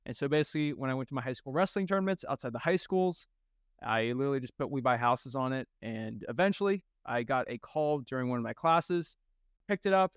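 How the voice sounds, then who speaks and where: A young man, a guest, telling his story in a casual, energetic way and acting out the people he quotes. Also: medium pitch, fairly quick, clean tone, dry recording, clean studio sound. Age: young adult.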